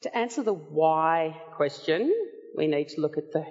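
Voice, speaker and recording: A woman preaching a sermon, teaching from the Bible in an earnest, measured way. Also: sits low, lively intonation, darkish tone. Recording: dull sound with long hall reverb.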